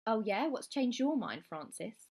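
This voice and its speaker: A woman voicing a hurt, defiant teenage girl with sharp, wounded retorts, in a storybook reading. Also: on the high side, very animated, measured pace, slightly rough, exaggerated voice.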